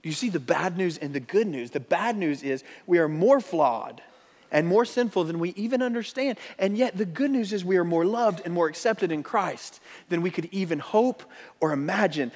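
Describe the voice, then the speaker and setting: Earnest preaching man in a reverberant hall. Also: fairly high pitch. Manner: earnest preaching, rising emphasis and soft dropped asides. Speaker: pastor. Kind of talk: sermon.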